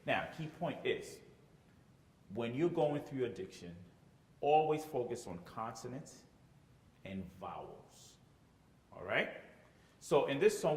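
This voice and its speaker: A man's voice: mid-range voice, very animated, takes it slowly, long pauses. A man teaching choir rehearsal, explaining step by step and checking in with "okay?". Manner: explanatory, says "okay?" often, sings phrases to demonstrate. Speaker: choir director. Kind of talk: instructional talk with sung examples. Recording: echoey room with long reverb.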